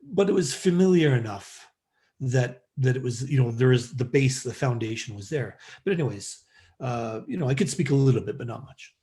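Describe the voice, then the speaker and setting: A man's voice: mid-range voice, normal speed. Middle-aged guy from western canada rambling through a story on a podcast, lots of ums and likes. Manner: rambling, animated storyteller with many fillers. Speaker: podcast guest. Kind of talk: casual storytelling interview.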